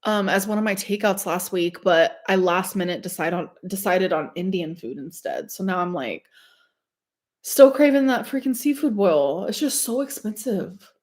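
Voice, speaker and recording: A woman's voice: mid-range voice, moderate pace, a little mellow. Gushing young woman chatting on a livestream. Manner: chatty and gushing, says "like" a lot. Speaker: streamer reading live chat. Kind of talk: casual livestream chat.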